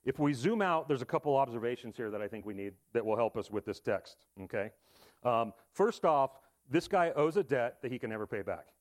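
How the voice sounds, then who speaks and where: A man's voice: mid-range voice, lively intonation, brisk. A man preaching a sermon in a casual, conversational way, with asides and rhetorical questions. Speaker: pastor.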